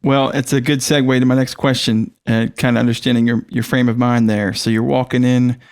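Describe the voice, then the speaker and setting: A man's voice: mid-range voice, level tone, brisk, smooth. A man hosting a podcast interview, asking questions and affirming the guest. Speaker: podcast host. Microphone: podcast studio mic.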